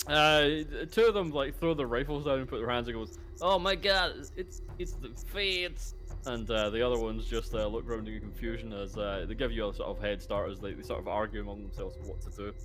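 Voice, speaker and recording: A man's voice: fairly low pitch, fairly even intonation, brisk, a bit bright. A man narrating a tabletop game as game master, loose and full of fillers, popping into brief character voices. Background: faint background music.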